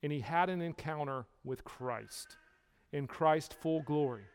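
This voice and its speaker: Male Bible teacher, high voice, emphatic, asks the room questions, long hall echo. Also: unhurried, smooth. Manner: emphatic, with rhetorical questions to listeners.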